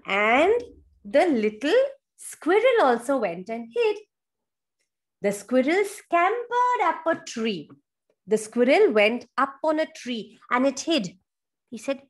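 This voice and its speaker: Animated woman storyteller for kids. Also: high voice, slow. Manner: animated, sing-song, exaggerated. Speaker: children's storyteller. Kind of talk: storytelling for young children. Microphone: video call.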